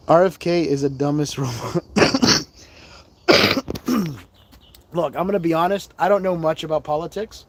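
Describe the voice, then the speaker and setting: A man's voice: on the high side, normal speed, long pauses, a little mellow. A man hosting a live ghost-hunting stream in a cemetery, chatting casually and rambling with laughs and asides. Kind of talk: casual live-stream chat while exploring. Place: outdoors in a cemetery.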